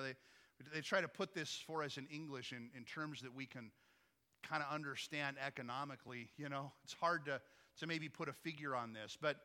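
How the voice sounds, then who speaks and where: Speaking in a large hall, a male pastor delivers a sermon in a sharp, fairly high voice. He talks to the congregation conversationally and keeps asking them questions.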